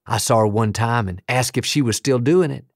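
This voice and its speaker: A man's voice: mid-range voice, normal speed, no echo, clean studio sound. Man preaching in rhythmic declarations. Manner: emphatic, rhythmic lists of declarations. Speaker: pastor. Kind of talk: sermon.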